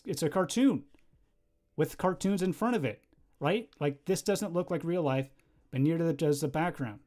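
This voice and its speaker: Young man, livestreamer, a bit high-pitched, rambling chat, easily distracted, quick laughs. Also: a little mellow. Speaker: livestreamer and animator. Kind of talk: casual livestream chat while drawing.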